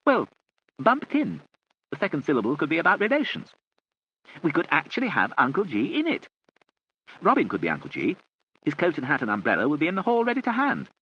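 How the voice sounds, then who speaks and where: A man voicing an excitable young girl who rushes eagerly through her ideas. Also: a little high, husky, muffled recording, pitched above the performer's own voice, heavily acted. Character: quick-talking excitable girl Frid.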